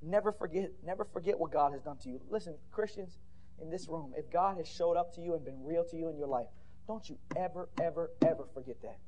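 Fiery high-voiced male preacher. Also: fast talker. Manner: shouting peaks and rhetorical questions. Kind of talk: fiery sermon. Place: church conference hall.

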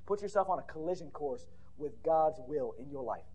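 Fiery high-voiced male preacher. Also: lively intonation, moderate pace. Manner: shouting peaks and rhetorical questions. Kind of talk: fiery sermon. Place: church conference hall.

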